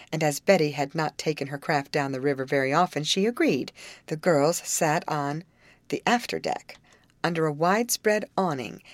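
A woman reading a storybook aloud as narrator, in an expressive, measured way. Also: low-pitched, no echo. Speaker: audiobook reader. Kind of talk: scripted narration.

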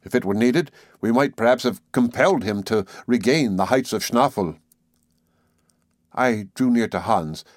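A man reading a classic novel aloud as audiobook narration, in a measured, even delivery. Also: mid-range voice, no room sound, clean studio sound. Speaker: audiobook reader. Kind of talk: scripted narration.

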